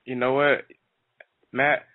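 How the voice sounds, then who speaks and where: Man hosting, mid-pitched, hesitant fillers, phone-like sound. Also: little pitch movement, slow pace. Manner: hesitant, many fillers, slangy. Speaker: radio show host. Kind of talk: casual interview chat.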